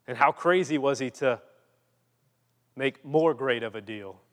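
A male preacher delivering a dramatic sermon, full of rhetorical questions and acted-out scripture quotes. His voice sits in an ordinary middle pitch and carries a long reverb, as in a large hall. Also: measured pace.

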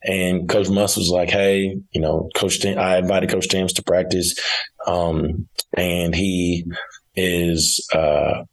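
A young man, a college basketball coach, tells his story in a relaxed interview. His voice sits deep and has a husky grain. He talks casually, stumbling and repeating words as he goes. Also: slow, low-quality recording. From Arkansas, United States. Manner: casual, repeats and restarts often.

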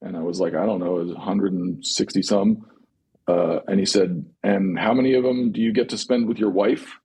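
Deep husky man, candid and profane. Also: fairly even intonation, normal speed, dark tone. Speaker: drummer guest. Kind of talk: casual roundtable chat.

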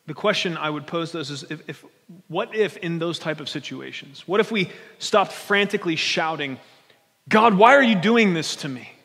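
A man preaching a sermon as pastor, conversational and animated, often restarting his phrases. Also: on the high side. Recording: long hall reverb.

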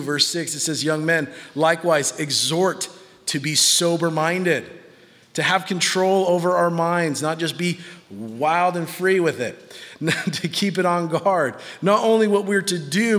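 A man in his thirties preaching a sermon in a lively, joking way, his voice jumping up high whenever he quotes someone. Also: long reverb tail. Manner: animated and joking, pitch jumping up when quoting. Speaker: pastor.

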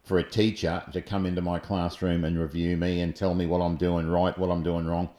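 A man's voice: sits low, little pitch movement, a little fast, warm tone. A man, a teacher co-hosting a podcast, sardonic and outspoken. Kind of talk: casual podcast chat.

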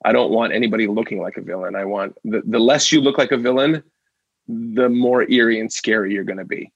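A man's voice: on the low side, fairly quick, slightly rough, no echo, dull audio. A man, a working actor, talking as a guest in a casual interview, enthusiastic and a bit rambling.

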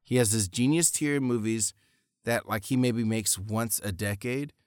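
A man's voice: on the low side, a little slow, a little mellow, clean tone, dry recording, clean studio sound. A man co-hosting a casual movie podcast, giving his take with frequent laughs and fillers. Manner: laughs often, loose filler-heavy talk. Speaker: podcast co-host. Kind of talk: casual movie review chat.

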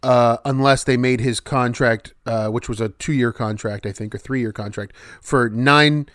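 In a clean studio recording with no echo, this podcast co-host speaks in a mid-range, fairly bright voice with fairly even intonation and an unhurried pace. He rambles through casual chat, making many false starts.

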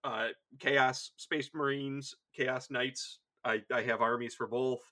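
A man's voice: medium pitch, fairly even intonation, takes it slowly, pushed and bright. A man co-hosting a podcast in casual chat, rambling, profane and enthusiastic. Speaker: podcast co-host.

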